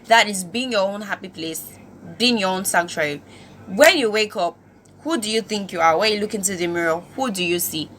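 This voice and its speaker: A woman's voice: mid-range voice, normal speed, a bit bright, slight background noise. A woman from Nigeria hosting her own channel, giving an emphatic motivational talk full of rhetorical questions. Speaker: host.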